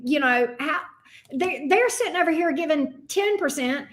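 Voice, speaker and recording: A woman's voice: high voice, lively intonation, moderate pace, fairly bright tone. A middle-aged woman giving a casual tarot reading, blunt and profane, full of folksy sayings. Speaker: tarot reader. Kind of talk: casual astrology reading chat.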